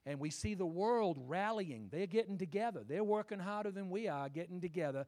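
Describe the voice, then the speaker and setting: A man preaching a sermon, emphatic and rhetorical, swinging from quiet asides to loud declarations. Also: high-pitched, expressive, a little fast.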